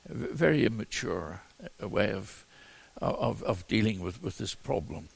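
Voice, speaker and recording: A man teaching through a Bible passage as a preacher, in a halting way full of repeated words and restarts. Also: on the low side, animated. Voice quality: gravelly, husky voice.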